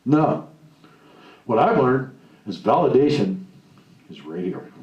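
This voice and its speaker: A man's voice: medium pitch, big pitch swings, measured pace, darkish tone, distant mic, highs cut off. A man giving an emphatic motivational seminar talk to a live audience, acting out the voices he quotes. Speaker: seminar speaker. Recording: echoey room, voice off-mic, faint hiss.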